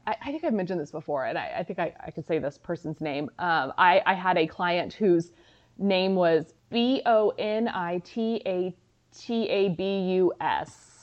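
A woman co-hosting a podcast in casual chat, talking in halting restarts and laughing often. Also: lowish voice, lo-fi sound. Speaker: podcast co-host.

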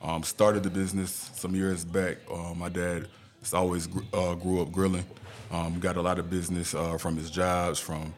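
Deep, flat-voiced man, hesitant. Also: moderate pace. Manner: hesitant, many ums. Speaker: interview guest, business owner's son. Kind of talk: interview answers. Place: car show event.

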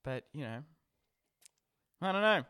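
Podcast co-host: Australian man, bright tone, animated delivery, teasing. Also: fairly high pitch, a little slow, clear, resonant tone. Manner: teasing, laughs often. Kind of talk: casual chat.

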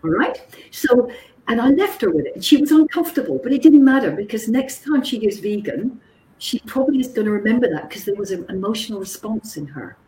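A woman psychologist giving a teaching talk, telling lively stories and often checking in with the audience. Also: fairly high pitch, brisk, roomy sound, rough recording. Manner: lively, animated storyteller who checks in with "okay?". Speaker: psychologist and communications trainer.

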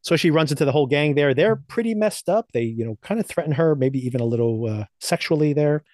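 A man's voice: on the high side, lively intonation, fast talker, darkish tone, no room sound. Man recapping a TV show, dry sound. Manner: loose, chatty recapping with frequent laughs and fillers. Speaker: podcast co-host. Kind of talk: casual TV recap chat.

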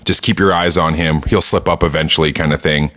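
A man's voice: extremely low pitch, steady tone, a little fast, a bit bright. A man casually recapping a TV episode on a podcast, rambling with lots of fillers and acting out quoted lines. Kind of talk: casual chat.

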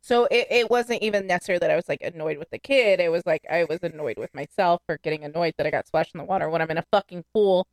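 A woman's voice: on the low side, fast talker, hardly any pauses, no room sound, clean studio sound. A woman co-hosting a podcast in casual chat, full of fillers and casual swearing. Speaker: podcast co-host.

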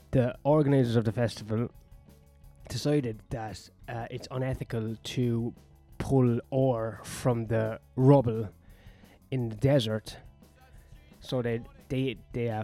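A man's voice: mid-range voice, warm tone. A man ranting in a sweary, sardonic, rambling monologue as a comedian vlogging on his own.

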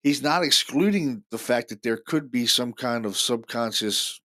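A man hosting a paranormal show, telling stories casually in an excited, rambling way full of fillers and restarts. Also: mid-range voice, measured pace. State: deaf in left ear. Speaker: paranormal podcast host. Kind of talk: casual storytelling monologue.

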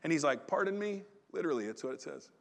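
A man preaching a sermon in a relaxed, conversational storytelling way, often restarting his phrases. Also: mid-range voice, very fast, gravelly. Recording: long reverb of a large hall.

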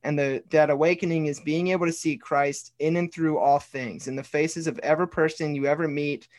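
Earnestly telling a personal story, a former pastor who now bartends reads from his journal in a casual podcast conversation. He speaks briskly in a steady tone with a voice on the high side, dropping in the odd swear word along with "dude" and "like."

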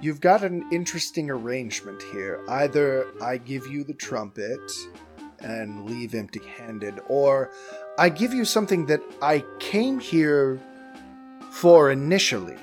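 A man voicing a poised, mysterious masked woman mage who speaks calmly and with quiet condescension. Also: medium pitch, music in the background, close to an everyday voice. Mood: bargaining. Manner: calm, measured, condescending. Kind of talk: tabletop role-play.

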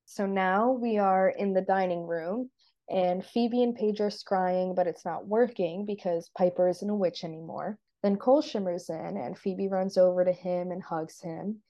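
A woman's voice: mid-range voice, steady tone, measured pace, dull audio. A woman co-hosting a podcast, casually retelling a TV episode scene by scene and chatting with many "like"s. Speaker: podcast co-host.

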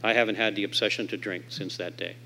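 Man telling an animated recovery story. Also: fast, gravelly, slight background noise. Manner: animated storyteller who acts out quoted voices; swings from loud and emphatic to low and quiet. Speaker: convention speaker. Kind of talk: recovery story told to a convention audience. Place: convention hall stage.

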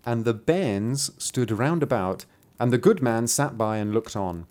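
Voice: medium pitch, expressive, measured pace, a little mellow. A podcast host reading an old folk tale aloud with playful, giggly asides. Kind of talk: storytelling with banter.

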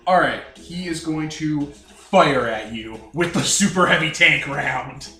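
A man's voice: a little high, animated, a little slow, sharp tone. A man running a tabletop game as game master, talking casually with fillers and restarts. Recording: echoey room, mic at a distance.

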